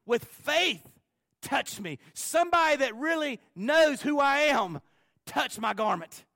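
A man's voice: very high voice, animated, slow, gravelly, pushed and bright, no room sound, studio quality, pitched above the performer's own voice, full character voice. A man preaching and voicing Jesus as a solemn, commanding male voice calling from heaven. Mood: booming.

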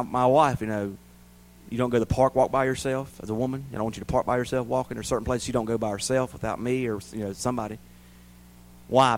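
A man preaching a sermon as a pastor to his church, rising loud and high, then dropping quiet and low. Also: rough recording.

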